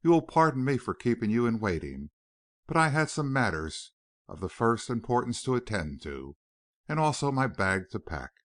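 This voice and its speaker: Man doing a polite French detective, faint French accent, slow formal speech, lively pitch, dry close sound. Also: dry recording, close to an everyday voice. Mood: courteous. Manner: courteous, formal, speaks slowly. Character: polite middle-aged male French detective.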